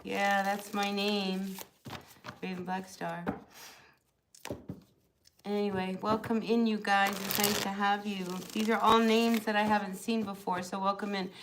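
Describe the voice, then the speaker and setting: A woman's voice: mid-range voice, flat delivery, measured pace, long pauses, background noise. A woman with a New Jersey accent, chatting loosely through a live tarot reading with lots of fillers. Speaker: tarot reader.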